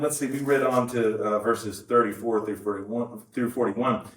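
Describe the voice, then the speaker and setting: A man's voice: medium pitch, fairly even intonation, moderate pace, hardly any pauses. A man preaching a conversational sermon, rambling with asides and self-corrections. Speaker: pastor. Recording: roomy, distant mic.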